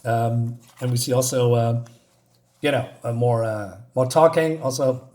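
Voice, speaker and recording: A man's voice: mid-range voice, lively intonation, slow, darkish tone. A man casually reviewing a comic book on his channel, talking in a loose, hesitant, rambling way as he recaps the story.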